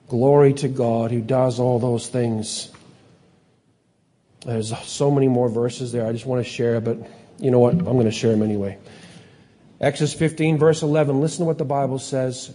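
A man preaching a sermon, telling stories with lively energy and sometimes acting out excited scientists in a higher voice. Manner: animated storytelling, acts out excited scientists in a higher voice. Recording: long hall reverb.

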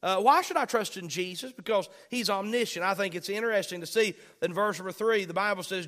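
High-voiced preacher, emphatic. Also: male voice, fairly bright tone. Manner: emphatic, repeats key phrases, reads scripture slowly. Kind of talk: sermon.

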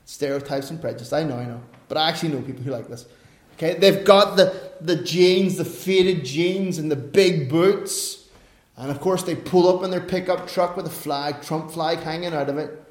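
A man preaching a sermon, telling the story in an animated way that swings from quiet asides to loud bursts. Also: fairly high pitch, moderate pace. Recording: echoey room.

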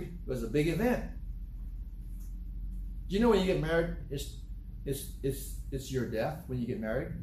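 A man's voice: a little high, a little mellow, a little hiss or hum. A man preaching a sermon, emphatic and repetitive, asking rhetorical questions. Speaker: pastor. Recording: echoey room with faint ambience.

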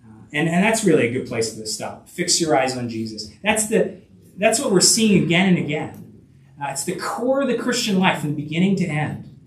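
A man preaching a sermon, halting and full of restarts, asking his listeners rhetorical questions. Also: a little high, big pitch swings, echoey room, recorded from a distance, poor audio. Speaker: pastor.

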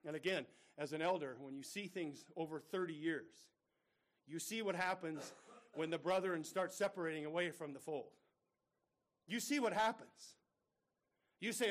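A man's voice: a little high, moderate pace, pauses often. A middle-aged male pastor preaching a sermon, earnest and full of rhetorical questions, calling his listeners brethren.

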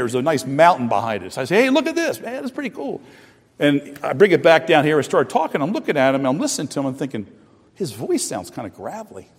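A middle-aged man preaching a sermon, earnest, with restarts and repeated phrases, swinging between loud and soft. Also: medium pitch. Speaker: pastor. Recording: preaching voice with long hall reverb.

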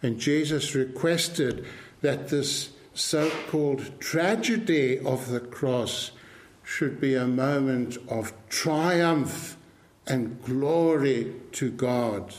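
Slow, emphatic male preacher. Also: mid-range voice. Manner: slow, earnest and emphatic, repeating key phrases. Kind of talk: sermon.

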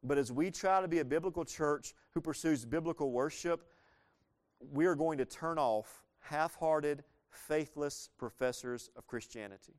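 Earnest pastor preaching with rhetorical questions. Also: male voice, on the high side, moderate pace. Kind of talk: sermon.

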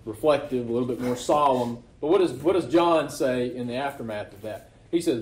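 A man's voice: mid-range voice, brisk, few pauses, darkish tone. A man preaching a sermon to his congregation in a casual, conversational way, often asking rhetorical questions. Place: church. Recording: echoey room.

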